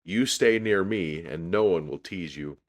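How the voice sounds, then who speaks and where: A man voicing a calm, kindly kindergarten teacher in a storybook reading. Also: deep voice, unhurried.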